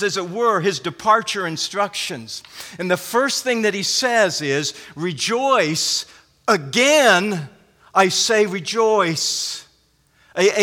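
A man's voice: high voice, sharp tone. A man preaching a sermon as pastor, earnest and emphatic, often restarting his phrases. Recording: long hall reverb.

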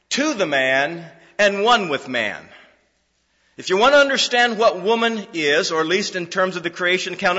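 A man's voice: high voice, pushed and bright. A man preaching an expository sermon, earnest and repetitive, often restarting his sentences. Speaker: pastor. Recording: dull hall reverb.

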